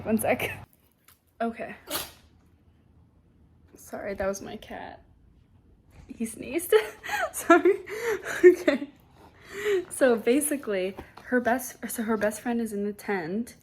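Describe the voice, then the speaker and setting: A woman's voice: on the high side, a little mellow, a little hiss or hum. A young woman casually summarizing and reviewing a book at home, chatty and sarcastic, with lots of filler words. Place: home with a cat nearby.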